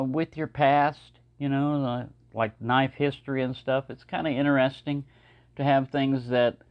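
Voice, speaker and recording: A Texan man chats about his knives at an easy, meandering pace, filling pauses with "uh" and "you know." His voice sits at an ordinary mid pitch. The recording is dry and close, with a slightly muffled, dull sound. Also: no room sound. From Texas. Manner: rambling, relaxed, many fillers. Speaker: knife collector vlogger. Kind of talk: casual show-and-tell talk.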